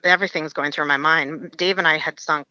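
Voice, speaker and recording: A woman's voice: sits low, fairly even intonation, brisk, bright, forceful tone, dry recording, highs cut off. A woman from Alaska, a podcast guest, frankly telling a personal story in an interview and laughing through hard memories.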